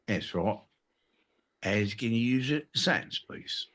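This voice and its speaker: A man's voice: medium pitch, animated, slow pace, fairly bright tone. A man co-hosting a podcast, bantering casually, swearing and teasing with exasperation. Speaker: podcast co-host.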